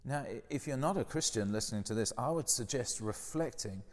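A man's voice: mid-range voice, lively intonation, a little fast, in a large hall. A man preaching a conversational sermon, often putting questions to his listeners.

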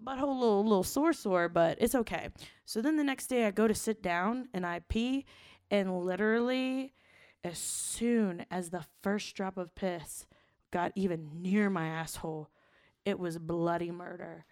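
A young woman co-hosting a podcast, telling a raunchy story in blunt, profane, animated casual talk. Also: medium pitch, moderate pace, clear, resonant tone, dry recording, clean studio sound. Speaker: podcast co-host.

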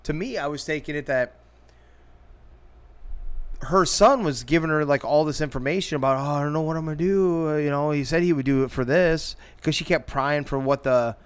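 A man's voice: fairly high pitch, a little fast, clean tone. A man casually telling a rambling, crude story to friends, often laughing and putting on the voices of the people in it. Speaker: storyteller in group chat.

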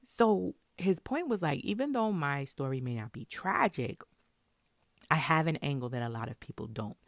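A woman's voice: low-pitched, moderate pace, no echo, clean studio sound. A woman vlogger telling a story in a casual way, acting out the lines of the people in it. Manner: animated, acts out her own and others' lines.

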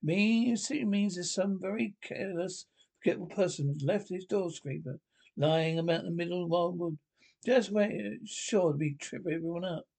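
A man's voice: sits high, normal speed, creaky, darkish tone. A man reading a storybook aloud and voicing a peevish, complaining male mole. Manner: grumbling, complaining.

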